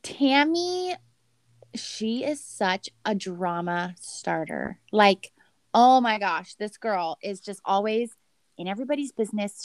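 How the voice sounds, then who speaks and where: A woman's voice: mid-range voice, dry recording. Give me a woman gossiping in a casual recap chat, recorded dry and close. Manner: chatty, gossipy, heavy use of "like".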